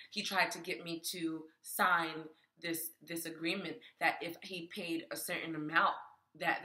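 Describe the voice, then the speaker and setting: A woman with a lowish, bright and forceful voice, telling a story to her viewers in a lively, chatty way. She calls them y'all and laughs often. Her voice rings around a room full of echo. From New York. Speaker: spiritual vlogger and tarot creator. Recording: echoey room.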